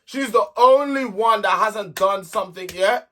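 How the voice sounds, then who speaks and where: A man's voice: high-pitched, a little slow, sharp tone. A young man hosting a reality TV recap channel, giving blunt, exasperated opinions in casual commentary.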